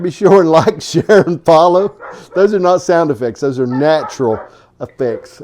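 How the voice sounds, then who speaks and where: A man's voice: fairly high pitch, normal speed, a little mellow. A man hosting his own home cooking vlog, talking in a folksy, rambling way with chuckling asides. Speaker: home cooking show host.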